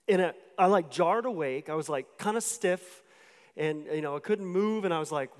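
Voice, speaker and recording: A man's voice: fairly high pitch, expressive, normal speed. A man giving a sermon as a personal testimony, telling his story casually with fillers and restarts. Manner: conversational storytelling with filler words and repeated restarts. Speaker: pastor. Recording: long hall reverb.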